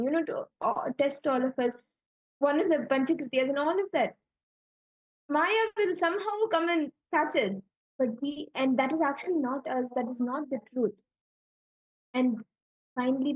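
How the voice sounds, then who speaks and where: A woman's voice: high-pitched, breathy edge, lo-fi sound. A woman giving a reflective spiritual talk, loose and full of fillers and restarts.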